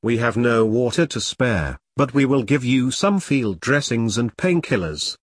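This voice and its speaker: A stern army section commander, as a man puts him on, laying down the rules in short, clipped orders. His voice is mid-pitched and firm. The sound is dry and close. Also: expressive, unhurried, dry recording.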